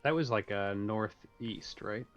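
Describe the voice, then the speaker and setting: A man's voice: on the low side, takes it slowly, muffled recording, faint music behind. A man playing a tabletop game, hesitant and thinking aloud with many fillers. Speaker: player. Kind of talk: tabletop role-play chat.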